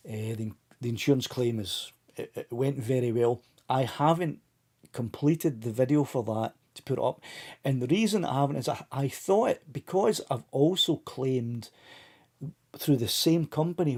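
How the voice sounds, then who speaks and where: Man, live stream host, relaxed chatty delivery to his viewers, mellow husky tone. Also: mid-range voice. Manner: chatty, talks straight to viewers by name. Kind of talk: casual live stream chat.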